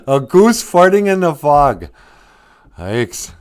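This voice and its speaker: Male live-stream host, playful and teasing, very lively up-and-down pitch, reading viewer chat. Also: takes it slowly, clear, resonant tone. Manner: joking, reads chat aloud, teasing.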